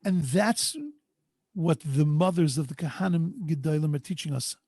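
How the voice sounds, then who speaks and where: A man, a rabbi, teaching a Torah class over a video call in an earnest, drawn-out way, sprinkled with Hebrew and Yiddish terms. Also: fairly high pitch, darkish tone, no room sound. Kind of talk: storytelling Torah lesson. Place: home online video call. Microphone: video call microphone.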